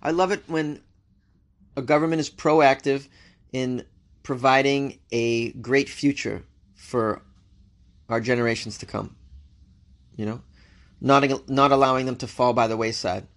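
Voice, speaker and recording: A man from the United States with a medium-pitched, slightly bright voice hosts a news show, speaking unhurriedly with fairly even intonation and long pauses. He reads the stories aloud and responds to them with wry, joking asides in a loose commentary style.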